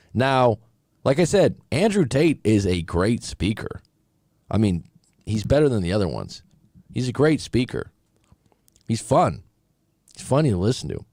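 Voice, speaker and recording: A man, a relationship coach, giving casual commentary on clips, animated and chatty with quoted asides. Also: fairly low pitch, dry recording, studio quality.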